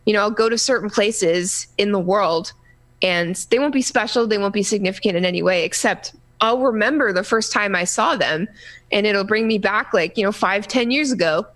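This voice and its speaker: A woman co-hosting a casual gaming podcast, talking in a rambling, halting way full of restarts and fillers. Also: mid-range voice, fairly bright tone. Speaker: podcast co-host.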